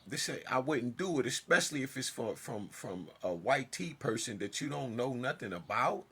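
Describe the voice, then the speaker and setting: A man telling a personal story in a casual monologue, emphatic and swinging from loud outbursts to hushed asides. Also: medium pitch, animated, moderate pace, slightly rough. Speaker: storyteller vlogger.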